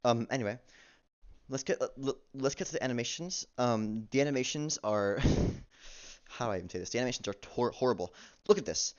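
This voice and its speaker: A man rambles through a casual, profane amateur movie review, halting often and restarting his sentences. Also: mid-range voice, smooth. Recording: dull lo-fi recording.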